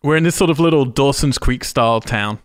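A man's voice: mid-range voice, brisk, no room sound, studio quality. A man hosting a casual film discussion, enthusiastic and freely swearing as he breaks down scenes. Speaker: podcast host.

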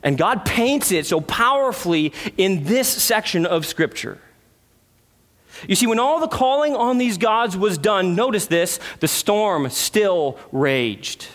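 A man preaching a sermon, earnest, with rhetorical questions and dramatic pauses. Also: high-pitched, lively intonation, a bit bright. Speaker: pastor.

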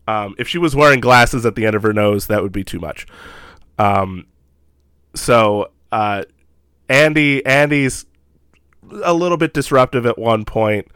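A man's voice: medium pitch, a little slow, long pauses, a bit bright, clean tone, no echo, clean studio sound. A man co-hosting a podcast, recapping a horror film in casual chat, laughing often and acting out quoted lines. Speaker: podcast co-host.

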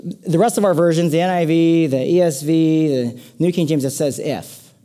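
Man, pastor, casual sermon, mellow voice, playful asides. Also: a little high, normal speed.

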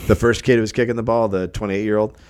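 A man hosting a casual chat, telling animated, profane anecdotes and acting out the quotes. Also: lowish voice, fast talker, clean tone.

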